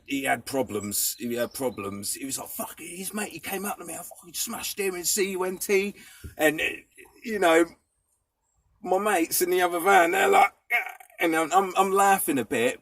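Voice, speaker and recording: Vlogger, adult man, husky, dry close sound, loose sweary ramble. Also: fairly high pitch, a bit bright, no echo. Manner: rambling, swears freely, laughs things off. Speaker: vlogger living in a van. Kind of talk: casual rambling chat to camera. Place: inside his parked van, door open, cold.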